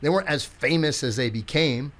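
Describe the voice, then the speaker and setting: Older man telling a lively war story. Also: a little high, a little fast. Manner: animated storyteller who acts out quotes and swears freely. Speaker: podcast guest, physical therapist and strength coach. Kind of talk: casual storytelling in a podcast chat.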